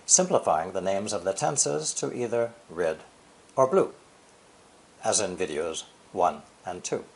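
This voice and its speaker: An older man giving a scripted English lesson, explaining deliberately and stressing key words. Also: low-pitched, lively intonation, creaky. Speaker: English teacher.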